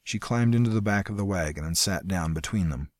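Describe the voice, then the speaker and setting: Male audiobook narrator, low register, dry close recording, steady pacing. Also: dry recording. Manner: steady, measured storytelling. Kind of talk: scripted fantasy narration.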